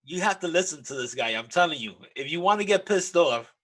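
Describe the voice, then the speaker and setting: High-voiced male radio co-host. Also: animated, fairly quick, fairly bright tone. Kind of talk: casual radio talk.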